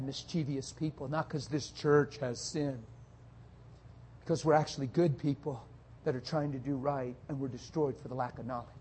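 A male pastor preaching a sermon, dropping soft and low at times and building to loud, rapid rhetorical questions. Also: slight background noise. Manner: swings from soft and low to loud, high-pitched exhortation.

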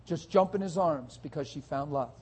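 A male pastor preaching a sermon, dropping soft and low at times and building to loud, rapid rhetorical questions. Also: husky. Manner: swings from soft and low to loud, high-pitched exhortation.

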